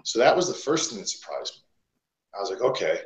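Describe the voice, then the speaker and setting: A man's voice: fairly low pitch, fast. A man guest on a wrestling podcast, telling stories bluntly with lots of swearing. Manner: blunt, profane, animated storytelling. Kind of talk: casual podcast interview storytelling. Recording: roomy echo.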